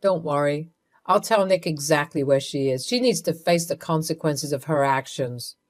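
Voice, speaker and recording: A woman narrating a first-person story in a measured, coolly resentful way. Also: low voice, lively intonation.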